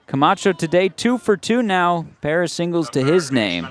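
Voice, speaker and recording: A man doing radio play-by-play of a baseball game, calm and steady, rising to excited shouts on big plays. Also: fairly high pitch, moderate pace. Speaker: play-by-play announcer.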